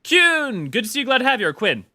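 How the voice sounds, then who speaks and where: A man's voice: very high-pitched, sing-song, fast talker, sharp tone. A man streaming a game, chatting with viewers in a rambling way with many restarts. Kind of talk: casual game stream commentary.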